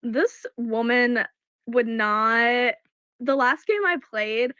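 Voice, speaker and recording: A woman's voice: fairly high pitch, slow, clear, resonant tone, no room sound. Emphatic woman in dry casual chat. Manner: animated, emphatic, swearing, laughing. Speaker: online game player, co-host.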